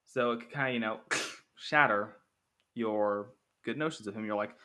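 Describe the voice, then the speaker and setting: A man's voice: on the low side, normal speed, sharp tone. A man hosting a casual podcast monologue comparing two films, rambling with many fillers and acting out characters' lines. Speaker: podcast host.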